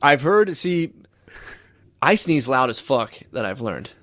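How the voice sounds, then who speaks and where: A man's voice: medium pitch, big pitch swings, takes it slowly, fairly bright tone. A young man in casual crude chat, rambling through stories, saying "dude" constantly and laughing often.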